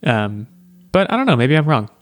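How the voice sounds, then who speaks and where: A man hosts a podcast in a loose, chatty way, full of "like" and restarts. His voice sits in a middle pitch. The sound is dry and close, with no room echo. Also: sing-song, normal speed. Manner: chatty, hedging, lots of "like" and restarts. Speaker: podcast host. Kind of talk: casual chat.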